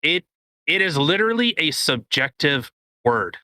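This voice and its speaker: A man co-hosting a podcast in casual chat, ranting in an animated, profane way. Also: a little high, measured pace, dry recording. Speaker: podcast co-host.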